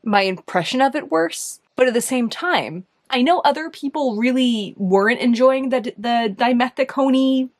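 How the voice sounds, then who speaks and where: A woman's voice: sits high, normal speed, hardly any pauses. A young woman with a New York accent chatting casually as she reviews makeup, thinking aloud, hesitant and full of "like"s. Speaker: beauty video host.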